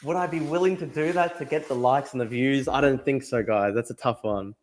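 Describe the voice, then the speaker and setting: A man's voice: mid-range voice, fairly quick, a crowd in the background. Young aussie guy streaming, chatty, reads chat, says things twice. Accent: Australian. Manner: chatty, repeats himself, reads chat aloud. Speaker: streamer host. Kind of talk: casual live stream chat.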